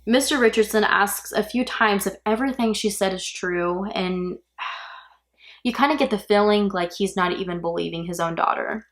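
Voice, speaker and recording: A woman's voice: medium pitch, moderate pace. A woman hosting a true crime podcast, retelling a case in a casual, chatty way with blunt opinionated asides. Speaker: podcast host.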